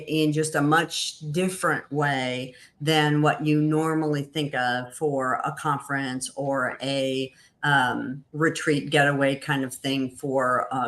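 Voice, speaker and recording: A woman with a Southern US accent hosts a webinar in a friendly way. Her voice is low, and she often stops with uh and um before she goes on. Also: a bit bright. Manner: friendly, halting with many fillers. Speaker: webinar host. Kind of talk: hosting a webinar.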